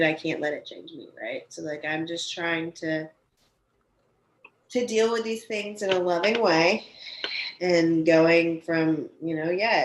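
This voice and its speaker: A young adult woman with a low voice speaks as a podcast guest in casual conversation. She is candid and emphatic and swears freely. The room is echoey, with faint noise behind her. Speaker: podcast guest, cannabis industry professional.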